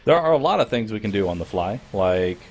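A man's voice: on the low side, big pitch swings, a little fast. A young man co-hosting a let's play, teasing his partner dryly while they play. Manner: dry, teasing. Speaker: co-host player. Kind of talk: casual gameplay commentary.

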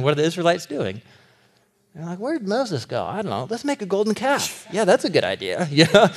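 A man delivers a lively sermon to a room full of listeners, with a voice pitched a bit above the usual. He is animated and laughs often. He acts out the characters' lines as he goes. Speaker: pastor.

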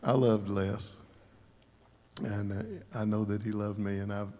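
A man giving an informal eulogy, telling folksy stories with chuckles and throat-clearing. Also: on the low side, completely flat delivery, unhurried, darkish tone. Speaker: memorial service speaker. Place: large church sanctuary. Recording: long church reverb.

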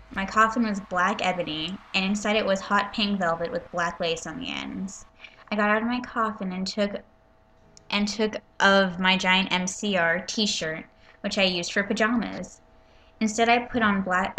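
A woman's voice: mid-range voice, bright, forceful tone. A woman reading a fanfiction aloud and breaking off into sarcastic, profane commentary. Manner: sarcastic, profane, exasperated asides. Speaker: reader and commentator.

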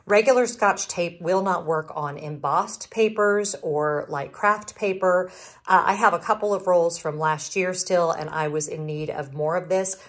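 A woman's voice: lowish voice, a little slow. A middle-aged woman with a Southern US accent, chatting casually in a vlog about her shopping haul, often breaking off mid-sentence. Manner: rambling, self-interrupting. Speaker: vlogger.

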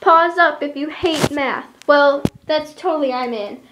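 Teenage girl, vlogger, high voice, exasperated rambling rant, faint background clicks. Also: unhurried, noisy background. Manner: exasperated, rambling with many likes. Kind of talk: casual ranting vlog.

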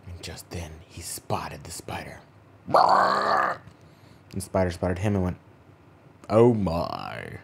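Deep-voiced man telling a bedtime story. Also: takes it slowly, creaky, long pauses, husky. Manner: hushed, dropping to whispers for suspense. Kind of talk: improvised children's bedtime story.

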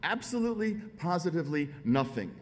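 A man's voice: fairly high pitch, big pitch swings, a little fast. A middle-aged American man, an author, giving an emphatic speech to a dinner audience, building his points through rhetorical repetition. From United States.

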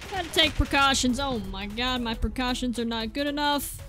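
A woman with a high, light voice gives excitable gameplay commentary, exclaiming and calling out to the enemies on screen. Game music and gunfire play clearly behind her. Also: normal speed. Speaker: gaming video creator.

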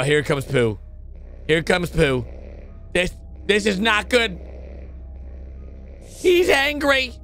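A man hosting a reaction video, commenting excitedly with sudden high yelps and constant exclamations. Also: slight background noise.

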